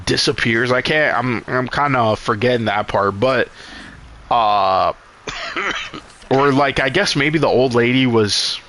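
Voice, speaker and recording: A man's voice: medium pitch, bright, forceful tone. A man casually recapping a film while streaming a game, rambling, swearing and exasperated.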